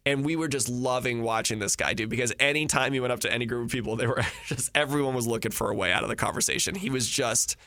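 A man's voice: medium pitch, fast, few pauses, pushed and bright, no echo. A man in his thirties casually telling a rambling, profane story and laughing through it. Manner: rambling, swears freely, laughs through stories.

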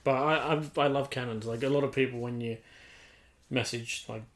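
A man with a middle-pitched voice chats about films and cameras. He is laid-back and loose, filling his talk with "like" and self-corrections. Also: fairly even intonation, moderate pace. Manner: laid-back, lots of "like" and restarts. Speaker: indie filmmaker. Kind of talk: casual chat.

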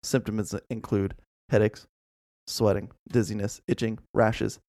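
A man's voice: on the low side, little pitch movement, a little slow, warm tone, dry recording, clean studio sound. A man co-hosting a casual podcast, playful and reciting odd facts with mock seriousness. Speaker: podcast co-host.

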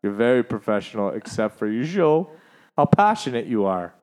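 A man's voice: mid-range voice, sing-song, normal speed, a little mellow, clear, resonant tone. A man co-hosting a casual podcast chat, telling a story with lots of laughter, swearing and acted-out voices. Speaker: podcast co-host.

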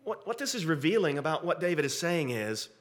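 A man preaching an expository sermon, earnest and emphatic, asking rhetorical questions and swinging from soft asides to loud, high emphasis. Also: sing-song, a little fast. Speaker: pastor.

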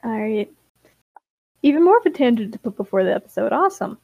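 A woman's voice: on the high side, sing-song, quick pace, creaky, warm tone, no room sound, lo-fi sound. A woman hosting a casual podcast chat, laughing often and nudging the group to get started. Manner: giggly, keeps steering back to the episode. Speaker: podcast host.

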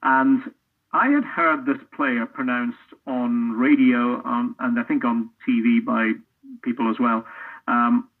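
Husky middle-aged man on a tinny line. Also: medium pitch, steady tone, takes it slowly. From Scotland. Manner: earnest, thoughtful, restarts often. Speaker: football commentator, interview guest. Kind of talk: reflective casual interview talk. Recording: tinny phone-line audio.

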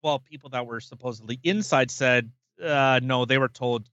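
A man's voice: medium pitch, normal speed, a bit bright, no echo, lo-fi sound. A man co-hosting a podcast, ranting emphatically and swearing freely in casual chat. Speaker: podcast co-host.

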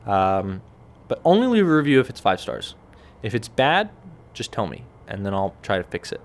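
A host with a low-leaning voice, talking at normal speed, rambles wryly through stories on his casual solo podcast and acts out others' words with lively flair. He's settled in for a relaxed evening with a cigar and beer.

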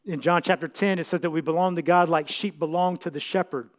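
A man's voice: on the high side, steady tone, a little fast. A middle-aged man, a pastor, preaching a heartfelt sermon that often halts and restarts with fillers.

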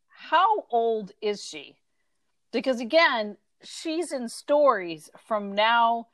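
A woman's voice: medium pitch, dry recording. A thoughtful woman talks about a book in casual conversation. She reads out her notes and asks questions along the way. The recording is dry and close. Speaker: book discussion co-host. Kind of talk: casual chat.

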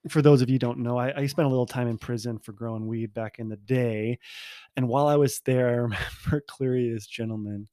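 A man's voice: medium pitch, mellow, no echo, studio quality. A man telling a personal story in a casual monologue, rambling and self-interrupting, candid and poking fun at himself.

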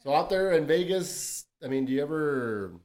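A man's voice: a little high, animated, normal speed, a little mellow. A man hosting a casual podcast, asking questions in a laid-back, slangy way. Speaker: podcast host.

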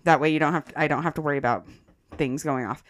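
With a deep voice and a quick pace, a woman co-hosting a podcast recounts something from her own life in easygoing conversation. She's lively, laughs frequently, and refers to listeners as "guys."

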